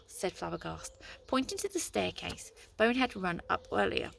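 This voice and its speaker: Storybook reader, woman, gravelly and animated. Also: fairly low pitch, a little slow. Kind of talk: storybook reading aloud.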